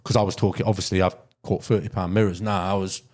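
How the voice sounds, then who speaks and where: A middle-aged carp angler from Derbyshire, England, speaking with an English Midlands accent in a fairly low voice, guests on a podcast and tells fishing stories. He talks fast but rambles in a relaxed, loose, conversational way, full of ums, asides and "you know what I mean."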